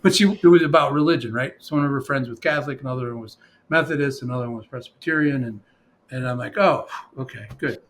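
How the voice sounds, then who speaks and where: A man in casual conversation, his pitch sitting right in the middle, his words coming out in rambling stories full of ums, restarts and quoted dialogue. A faint hiss of background noise runs under the voice. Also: fast. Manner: rambling with fillers and restarts, quoting others. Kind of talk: casual storytelling.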